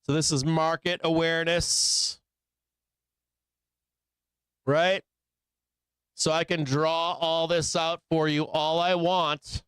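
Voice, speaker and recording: A man's voice: a little high, level tone, takes it slowly, pauses often, a bit bright, clear, resonant tone, no echo. A man hosting a live trading show, talking casually through chart analysis and tossing out rhetorical tag questions. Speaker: host.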